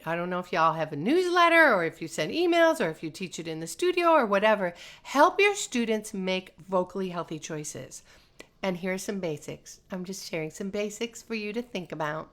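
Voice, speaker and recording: A woman from North America teaching voice in a casual live stream. Her tone is bright and forward, and her pitch leaps around in a musical, animated way. She chats with viewers and laughs easily as she explains. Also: moderate pace. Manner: animated, sing-song, chatty with laughs.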